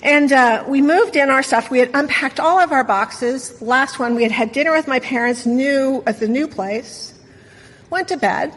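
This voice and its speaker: A woman's voice: high-pitched, normal speed, fairly bright tone, in a large hall, rough recording. A middle-aged woman sharing a personal story at a recovery meeting, wry, candid and self-mocking.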